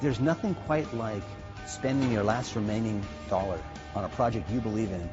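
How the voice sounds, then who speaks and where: A man with a lowish voice speaks with enthusiastic admiration in an interview, as an investor. The audio is dull, with music clearly underneath. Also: moderate pace.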